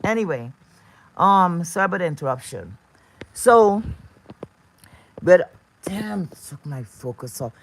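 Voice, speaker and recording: A woman's voice: lowish voice, big pitch swings, slow, long pauses, slight background noise. A woman talking to her viewers in a casual ranting livestream, blunt and profane, often repeating herself. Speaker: live streamer.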